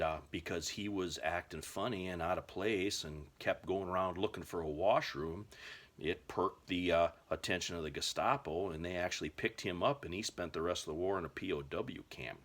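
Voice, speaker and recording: An American man telling survival stories in a folksy, rambling way, full of filler words. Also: low-pitched. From United States. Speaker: survival vlogger. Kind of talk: casual storytelling to camera.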